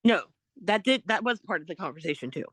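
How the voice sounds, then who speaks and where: Animated woman retelling a meeting. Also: fairly low pitch, fast talker, slightly rough, no echo. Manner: animated retelling, quotes others, laughs often. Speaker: podcast co-host. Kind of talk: casual chat, storytelling.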